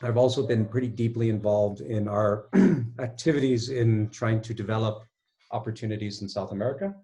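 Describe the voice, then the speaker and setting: A man giving a relaxed, self-deprecating conference talk over a video call. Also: lowish voice, normal speed. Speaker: guest speaker. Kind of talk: online conference presentation.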